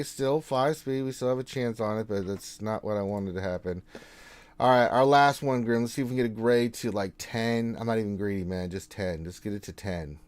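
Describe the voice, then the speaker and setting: A man hosting a casual gaming livestream, reading out viewer greetings and answering them in a relaxed, chatty way. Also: mid-range voice, clear, resonant tone, dry recording. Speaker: game streamer host.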